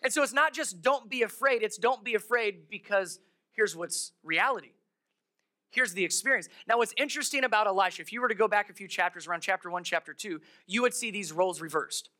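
Pastor preaching a sermon, bright clear tone, emphatic delivery with acted-out characters. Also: medium pitch. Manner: emphatic, acts out the story's characters. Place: church.

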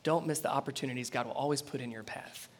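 A man preaching a sermon and reading scripture aloud, animated, swinging between loud emphasis and quiet, earnest intensity. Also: medium pitch, fast.

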